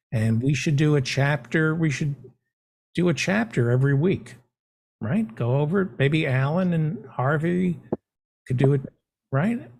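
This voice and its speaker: Husky guy hosting a talk show, deadpan silly questions, voice bounces all over. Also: mid-range voice. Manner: deadpan mock-naive joking. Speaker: show host. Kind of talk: comedic talk show banter.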